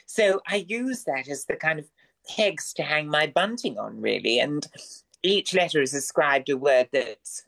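A man guesting on a radio show who talks in ornate, theatrical language. His phrasing is elaborate and full of rare words. He moves up and down in pitch as he speaks. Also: animated, unhurried, creaky, fairly bright tone. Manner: florid, wordy and theatrical. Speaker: guest performer. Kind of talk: radio interview.

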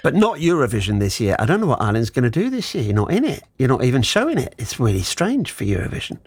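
A man's voice: medium pitch, huge pitch swings, quick pace, a little mellow, husky, dry recording, studio quality. A man hosting a radio interview, enthusiastic and gushing, laughing often. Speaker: radio presenter.

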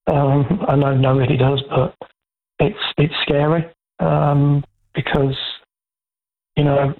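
A man calling in to a radio phone-in, speaking haltingly with many pauses and fillers. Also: medium pitch, vocal fry. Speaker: caller. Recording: tinny phone line.

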